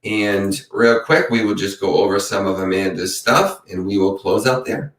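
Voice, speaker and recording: A man's voice: on the low side, normal speed, distant mic. A chatty man closes his live stream in a loose, rambling way and answers viewer comments as they come in. He sits back from the mic, and the sound carries in a roomy space. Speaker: true crime channel host. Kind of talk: casual live-stream sign-off.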